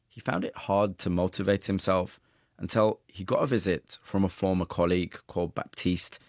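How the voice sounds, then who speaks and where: A man narrating a radio documentary in a measured, even, scripted delivery. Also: low-pitched, no room sound, clean studio sound.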